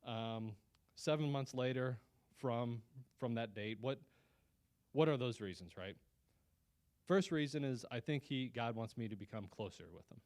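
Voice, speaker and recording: A man's voice: mid-range voice, darkish tone, clear, resonant tone. A man giving a personal testimony as guest speaker at a Christian lunch meeting, telling his story in an earnest, conversational way with frequent restarts.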